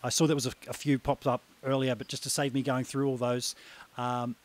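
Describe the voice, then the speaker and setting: A man's voice: medium pitch, level tone, a little fast. A man hosting a casual interview, friendly, asking long rambling questions. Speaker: interview host.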